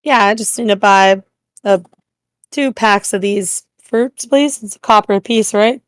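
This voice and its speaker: A blunt, joking woman playing a tabletop game with friends, her voice at a mid pitch. She speaks close to the mic in a dry, dead sound. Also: a little slow, smooth, no room sound. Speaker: player. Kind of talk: casual tabletop play.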